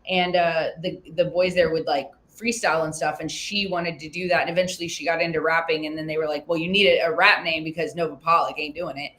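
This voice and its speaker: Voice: medium pitch, steady tone, fast talker, hardly any pauses, bright, forceful tone. Chatty guest with lots of fillers. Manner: chatty storyteller, filler words, laughs easily. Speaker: guest reaction creator. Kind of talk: casual reaction chat.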